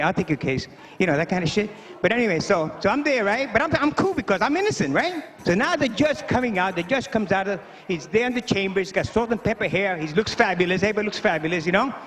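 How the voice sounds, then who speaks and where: Puerto Rican stand-up comic, high and animated, chatty with loose asides. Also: male voice. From Puerto Rico. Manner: rambling, animated storytelling with many fillers. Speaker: stand-up comedian. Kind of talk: stand-up comedy set.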